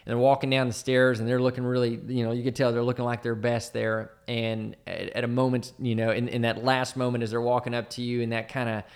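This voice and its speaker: A man's voice: mid-range voice, level tone, fairly quick, hardly any pauses, smooth. Rambling man telling a war story. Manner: rambling, with lots of fillers and "man". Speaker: former team leader in the military. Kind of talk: personal war story told casually.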